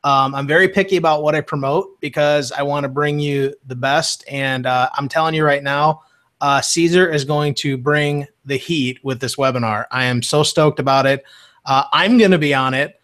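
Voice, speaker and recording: A man's voice: a little high, normal speed, a bit bright. A man hosting an interview, enthusiastic and hyped up as he promotes an upcoming webinar. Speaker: host.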